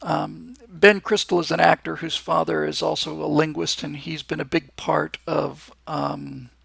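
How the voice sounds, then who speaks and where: A man's voice: on the high side, level tone, a little slow, gravelly, a bit bright, husky, no room sound. A man hosting a live show, talking in a casual, enthusiastic and rambling monologue, with frequent restarts. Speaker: host.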